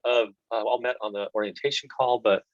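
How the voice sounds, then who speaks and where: A man welcoming a group on a video call in an upbeat, halting way with many fillers. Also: medium pitch, fairly even intonation. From Oregon, USA. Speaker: program founder. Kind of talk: casual online meeting. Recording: dull, dry call audio.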